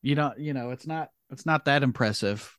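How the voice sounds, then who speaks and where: A man's voice: medium pitch, moderate pace, fairly bright tone, dry recording. Hesitant man musing, dry mic. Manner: hesitant, reflective, restarts. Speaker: podcast co-host. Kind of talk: casual comedic chat.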